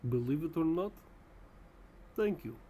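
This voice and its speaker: A man's voice: fairly high pitch, expressive, unhurried, warm tone, slight background noise. A man voicing Russia personified as a proud, touchy male leader who speaks formally and takes offense easily. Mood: guarded.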